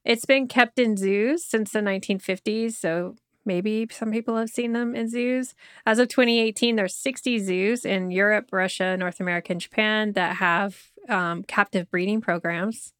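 A woman's voice: medium pitch, fairly even intonation, normal speed, few pauses, clean tone, dry recording, clean studio sound. A woman from Oklahoma co-hosting a casual podcast chat, reading facts from notes with chatty asides. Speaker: podcast co-host.

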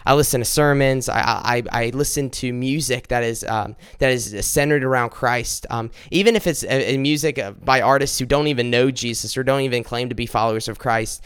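A young adult man, a minister, giving an earnest personal testimony on a podcast, halting often and restarting his sentences. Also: mid-range voice, a bit bright, clear, resonant tone, no echo, clean studio sound.

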